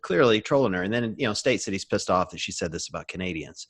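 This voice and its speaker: Guy cohost on a chatty podcast, lowish voice, joking and teasing. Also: lively intonation, quick pace, a bit bright, slightly rough. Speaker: podcast co-host. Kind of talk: casual chat.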